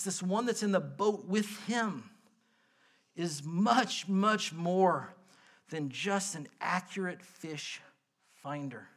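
A male pastor delivers a casual, lively sermon with a high, clear voice. His tone is bright and forward, and he jumps between earnest points and quick, playful asides. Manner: conversational, animated preaching with asides and quick bursts.

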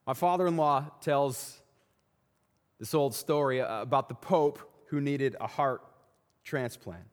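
A man's voice: medium pitch, measured pace. A man giving a sermon as pastor, asking rhetorical questions and often repeating his words. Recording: long reverb of a large hall.

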